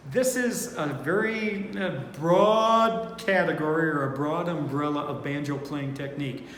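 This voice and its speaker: A man teaching four-string banjo in a relaxed, unhurried way, thinking aloud with fillers as he plays. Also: on the high side. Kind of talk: relaxed online music lesson. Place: indoor room, playing banjo while talking. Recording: echoey room with long reverb, banjo playing behind.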